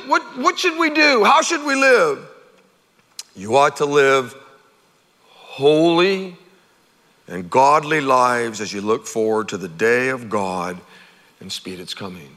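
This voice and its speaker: A middle-aged man preaching a sermon as pastor, conversational and animated, acting out quotes. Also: on the high side. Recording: long hall reverb.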